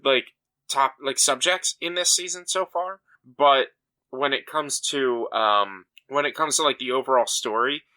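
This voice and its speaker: A man's voice: mid-range voice, pushed and bright. A young man co-hosting a podcast in casual chat, talking emphatically with many fillers and restarts. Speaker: podcast co-host.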